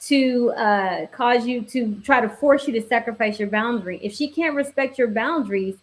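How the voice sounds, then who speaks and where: A woman's voice: a little high, normal speed. A woman appearing as a guest, giving blunt and assertive advice during a casual discussion.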